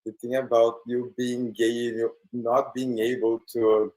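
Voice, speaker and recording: A man's voice: medium pitch, level tone, measured pace, darkish tone, low-quality recording. A man from Brazil talking earnestly and hesitantly about his brother's film in a virtual Q&A. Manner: earnest, hesitant, many fillers. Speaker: film guest. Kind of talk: virtual Q&A conversation.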